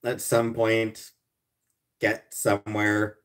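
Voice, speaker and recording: A man with a somewhat low voice chats casually on a live stream, reading out his viewers by name as he answers them. He sounds grumbling and sarcastic, with swearing sprinkled through almost every reply. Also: monotone, slow, fairly bright tone. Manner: answers chat messages by name. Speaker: livestreamer answering chat.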